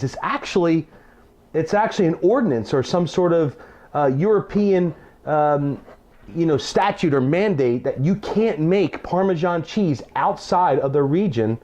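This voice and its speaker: A middle-aged chef gives a casual cooking demonstration in a home kitchen, his somewhat high, slightly mellow voice coming through with the highs cut off. He keeps up folksy chatter, offering teacherly asides and restarting phrases as he goes.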